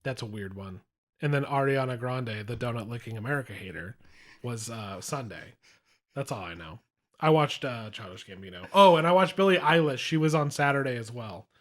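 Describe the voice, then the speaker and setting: Young male podcast co-host, mid-pitched voice, blunt and offhand. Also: lively intonation, moderate pace, a bit bright. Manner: blunt, offhand, dry asides. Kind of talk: casual movie review chat.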